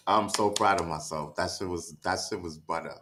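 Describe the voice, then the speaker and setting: Winded, sighing low-voiced man streaming. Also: normal speed, noisy background. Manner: sighing, stammering restarts, keeps asking "you know what I mean". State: winded, catching his breath. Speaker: livestreamer reading chat. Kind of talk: casual livestream chat. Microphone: streaming setup mic.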